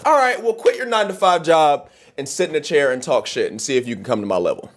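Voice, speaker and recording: A man rants at the camera in a heated, profane video monologue, his voice swinging widely from high to low. He sits somewhat high for a man, and the talk stays animated throughout. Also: fast talker. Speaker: content creator.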